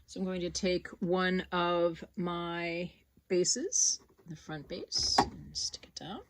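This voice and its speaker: A woman teaching an embroidery project, relaxed and thinking aloud as she works step by step. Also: on the low side, slow. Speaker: sewing instructor. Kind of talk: casual step-by-step tutorial.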